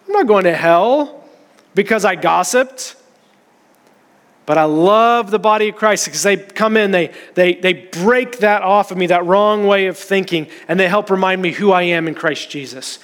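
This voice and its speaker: High-voiced man preaching in an echoing hall. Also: a bit bright. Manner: earnest, conversational preaching. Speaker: pastor. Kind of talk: sermon.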